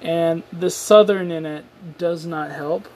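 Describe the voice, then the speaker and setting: A man with a voice pitched a little above the usual, talking alone on his podcast. He sounds tired and rambles loosely, dropping casual swears and running himself down as he goes. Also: steady tone, slow pace, darkish tone, a little hiss or hum. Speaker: podcast host. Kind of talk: casual solo podcast rant.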